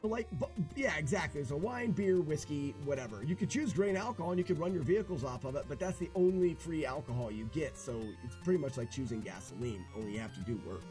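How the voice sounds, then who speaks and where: A man's voice: fairly high pitch, animated, fast, a little mellow, soft background music. A man streaming a retro game, chatting casually and talking viewers through his route. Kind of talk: live gameplay commentary.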